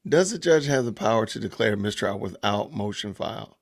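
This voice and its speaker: A man hosting a casual live stream, animated and laughing often as he reads viewer comments aloud. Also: lowish voice, fairly quick, creaky, hardly any pauses. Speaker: podcast host reading live chat.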